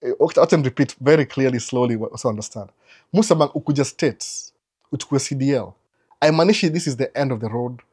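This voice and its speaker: A man answers viewers on a live stream and moves between English and Swahili within a single sentence. His voice sits at an ordinary middle pitch. He gives advice in an animated, lecturing way, full of rhetorical questions. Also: fast talker, breathy edge. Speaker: live Q&A host.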